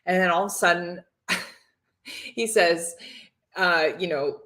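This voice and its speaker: A woman's voice: on the low side, slow pace, a bit bright. A woman hosting a casual livestream, chatting, laughing and reading viewer comments aloud. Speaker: livestream host reacting to a reality show.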